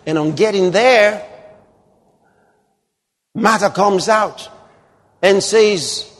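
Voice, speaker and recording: Emphatic male preacher, lively high voice. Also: husky, in a large hall. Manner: emphatic, rising to fervent exclamation. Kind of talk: sermon.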